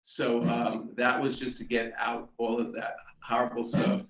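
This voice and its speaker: An older man, a performer at an online open mic, talking in a casual, unhurried, rambling way over a video call. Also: medium pitch, flat delivery, fairly bright tone, distant mic. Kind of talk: casual chat and joke telling. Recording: roomy, dull video-call audio.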